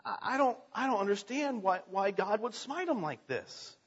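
Man playing a quiet, bewildered prophet mourning his king, high husky voice, dull lo-fi sound. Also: big pitch swings, normal speed, exaggerated voice. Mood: bewildered grief. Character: grieving male prophet, bewildered at his king's fate. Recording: dull lo-fi recording.

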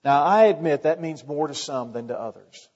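A man's voice: fairly high pitch, expressive, moderate pace, darkish tone. A man preaching a sermon as a pastor, in a conversational way with wry asides. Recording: long hall reverb, dull lo-fi sound.

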